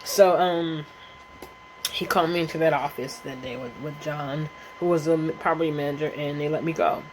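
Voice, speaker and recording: A woman spins a casual storytime for her viewers. She's animated and profane, rambling through slang and fillers. She laughs often along the way. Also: low-pitched, normal speed, slight background noise, low-quality recording. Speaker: vlogger.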